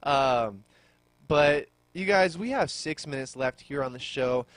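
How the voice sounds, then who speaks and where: A male radio host jokes with his guest in loose, casual banter, full of ums and uhs. His voice is mid-pitched and recorded close and dry, with no room echo. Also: a little slow, fairly bright tone. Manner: playful teasing, fillers like um and uh.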